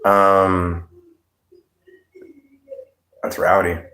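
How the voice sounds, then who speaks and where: A man's voice: low-pitched, level tone, extremely slow, pushed and bright. A man hosting a livestream, chatting casually with viewers in a blunt, profane, laid-back way. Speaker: livestream host. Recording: roomy echo.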